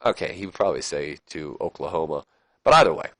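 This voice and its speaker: A man's voice: very deep voice, lively intonation, fast, a bit bright, no room sound. A man hosting a gameplay channel, casually narrating a wrestling simulation with rambling, jokey asides. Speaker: game channel host. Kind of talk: let's play commentary of a wrestling sim.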